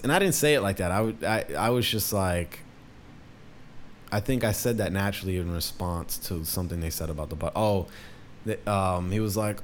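A man's voice: fairly low pitch, animated, normal speed, a little hiss or hum. A young man ranting casually, swearing a lot and restarting his sentences often. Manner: profane, rambling, many restarts. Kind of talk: casual rant.

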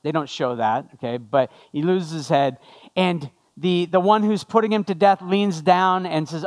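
A man's voice: a little high, normal speed, a little mellow. A male pastor giving a sermon after an opening prayer, conversational with jokey asides to the congregation.

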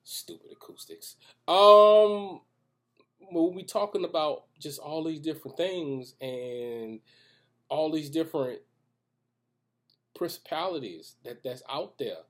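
A man's voice: a little high, slow pace, fairly bright tone. A man, giving a loose preaching talk to camera, joking in asides and restarting his sentences. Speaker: Christian video commentator. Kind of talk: casual preaching monologue. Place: room with echoey acoustics.

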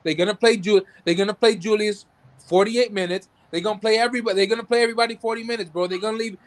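A man's voice: high-pitched, fairly even intonation, rapid-fire. A man co-hosting a casual sports talk show, ranting in heated frustration, swearing and stumbling over his words. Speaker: podcast co-host.

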